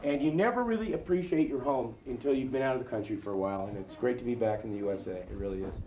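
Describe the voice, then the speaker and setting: A man doing a profane stand-up routine on a club stage, swinging from high yelps to low mutters. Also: rapid-fire, mellow. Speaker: stand-up comedian. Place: comedy club stage before live audience. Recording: echoey club with crowd laughter. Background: audience laughter.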